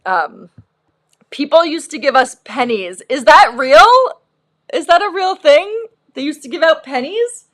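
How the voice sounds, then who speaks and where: A woman in her thirties hosting a live shopping stream, telling stories in a casual, animated way with lots of fillers. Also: sits high, measured pace. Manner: animated storyteller, acts out quotes, lots of "like" and "um". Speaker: host of a live shopping show.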